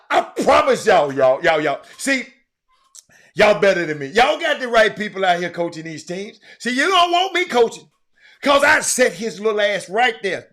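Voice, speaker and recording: A man rants as a show host, his voice pitched high and bright. He swings widely up and down as he gets exasperated. At times he breaks into hollering. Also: big pitch swings, moderate pace. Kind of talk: ranting monologue.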